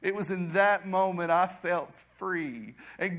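A middle-aged man, a youth pastor giving an earnest testimony in a church. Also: slow. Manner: earnest storytelling, voice drops low and soft for emphasis. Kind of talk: testimony sermon. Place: church sanctuary.

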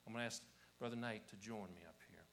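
A man with an Appalachian accent preaching a revival sermon to a church congregation, swinging from shouting to hushed whispers and repeating his phrases. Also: on the low side, fast talker, creaky, slight background noise, rough recording. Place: church service before a congregation.

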